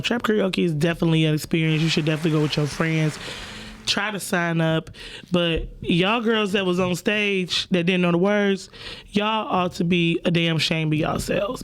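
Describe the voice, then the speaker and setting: Lady in her 30s on her podcast, cussing and going off on a story, animated. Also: lowish voice. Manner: animated storytelling, profane, playful. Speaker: podcast host. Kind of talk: casual chat.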